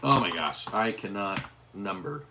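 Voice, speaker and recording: A hoarse man hosting a casual livestream about guns, rambling with restarts as he answers viewers' chat. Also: lowish voice, animated, a little slow, echoey room, heavy background noise. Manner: rambling, with frequent restarts and fillers. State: hoarse, losing his voice. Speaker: gun channel host reading live chat.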